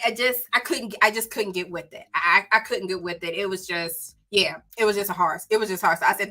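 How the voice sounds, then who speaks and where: A woman with a Southern country accent chatting casually on her book livestream, animated and exclaiming. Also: mid-range voice, moderate pace. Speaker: book channel host.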